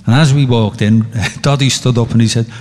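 A man tells jokes and stories in a chatty way and laughs at his own punchlines. His voice sits at a middle pitch. A long hall reverb hangs on his words. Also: fairly even intonation, a little fast, darkish tone. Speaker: joke teller. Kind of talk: telling jokes and anecdotes.

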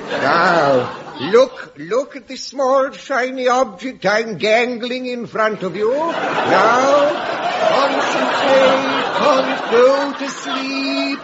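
An actor playing a scheming, theatrical male hypnotist villain in a radio comedy sketch, with a hammy, drawn-out delivery. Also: very high voice, exaggerated voice. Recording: dull old radio broadcast with loud hiss. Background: studio audience laughter.

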